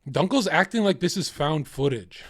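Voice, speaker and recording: A man's voice: on the high side, expressive, normal speed, no room sound, studio quality. A man livestreaming, ranting casually in a heated, profane, rambling way.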